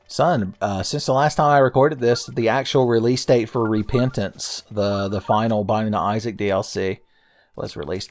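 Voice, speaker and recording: A man's voice: medium pitch, normal speed. A man in his thirties giving casual gameplay commentary as a let's play host, with jokey, sarcastic and profane asides. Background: faint game music.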